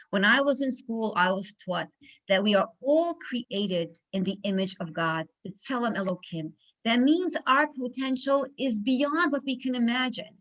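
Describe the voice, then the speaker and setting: A woman's voice: medium pitch, low-quality recording. A middle-aged woman giving an inspirational talk, acting out the people in her stories. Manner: animated storyteller, acts out dialogue. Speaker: guest speaker.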